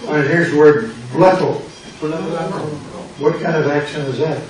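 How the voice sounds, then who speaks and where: At a moderate pace, an older American man with a fairly high-pitched voice teaches Greek as a pastor in a church classroom. The class is drill-heavy, with quizzing, repeated words and playful wordplay. Recording conditions are poor: a very echoey room, far-off mic and noise.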